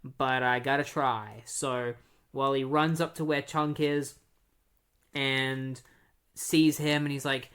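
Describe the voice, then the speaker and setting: A man casually recapping a comic book story, rambling with lots of fillers and acting out characters' lines in quick bursts. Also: mid-range voice, fairly even intonation, fairly bright tone, clean tone. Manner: rambling retelling with many fillers and quick acted-out quotes. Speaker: comic book podcast host.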